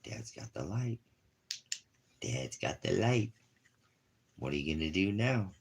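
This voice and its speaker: Very deep, husky man doting on a dog. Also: very animated, slow. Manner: affectionate baby talk to his puppy; rambling and playful. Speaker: live streamer. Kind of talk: casual live stream chat to his dog.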